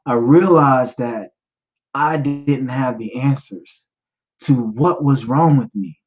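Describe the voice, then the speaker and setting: Man in his thirties, choked-up personal testimony, halting repeats, medium pitch, slightly muffled lo-fi sound. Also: a little mellow. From United States. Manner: emotional, halting, repeats himself, gets choked up. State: choked up, near tears. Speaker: podcast host and guest telling his own story. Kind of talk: personal testimony, live stream talk.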